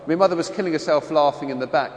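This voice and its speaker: A priest from London with a London accent, reading the gospel and then preaching in a chatty storytelling way. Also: male voice, on the high side, rapid-fire, roomy sound, in a large hall. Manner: chatty storytelling with voiced impressions.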